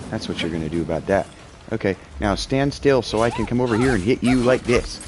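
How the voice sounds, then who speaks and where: A man in his thirties, chatty and excitable, talking to a game character in-character as he plays and sometimes yelling in bursts. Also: mid-range voice, brisk. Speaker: gaming streamer roleplaying his character. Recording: music playing behind.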